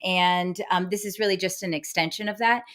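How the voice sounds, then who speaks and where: A woman's voice: on the low side, steady tone, fairly quick, a bit bright. A woman who is a guest medium, chatting cheerfully with many filler words and frequent laughs. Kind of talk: casual interview chat.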